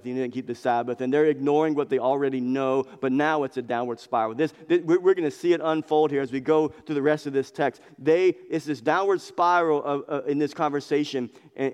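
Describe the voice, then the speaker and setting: A man's voice: medium pitch, darkish tone, smooth. A man preaching an expository sermon in a church, talking with emphatic passion and repeating phrases for emphasis. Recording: long reverb of a large hall.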